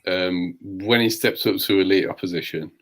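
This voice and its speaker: A man on a live show calmly giving his opinions on boxing. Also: deep voice. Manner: measured, opinionated. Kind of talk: casual boxing analysis.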